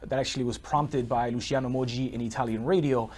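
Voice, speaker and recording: Man, sports show co-host, fast speech, casual football analysis, frequent restarts. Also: medium pitch, fairly even intonation, darkish tone.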